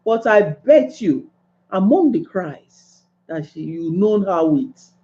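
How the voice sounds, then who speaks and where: A woman's voice: medium pitch, lively intonation, slow pace, mellow, muffled recording. A woman giving an earnest, pleading monologue, repeating her points and rising to exclamations. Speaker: speaker giving advice. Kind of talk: impassioned monologue.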